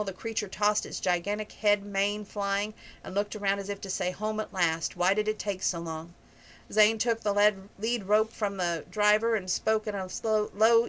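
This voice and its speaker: Woman reading a novel out loud, steady and even, mid-pitched voice. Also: rough recording. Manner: steady, even reading, stopping to note page numbers. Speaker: book reviewer reading aloud.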